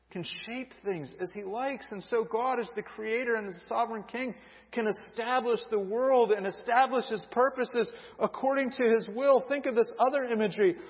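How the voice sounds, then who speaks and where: A man preaching a sermon, reading scripture and acting out voices of those who question God. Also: sits high. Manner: reads scripture, acts out quoted voices. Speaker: pastor. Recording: dull lo-fi audio with long hall reverb.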